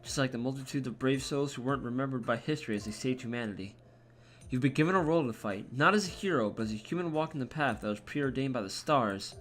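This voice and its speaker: A man's voice: medium pitch, quick pace, a little hiss or hum, lightly acted. A man voicing a vain, playful genius woman in a game, teasing and self-assured.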